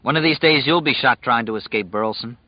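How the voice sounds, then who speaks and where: A man voicing a calm, wry condemned prisoner at peace in an audiobook reading. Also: medium pitch, quick pace, no echo, highs cut off, natural voice. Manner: calm, wry, quietly mocking.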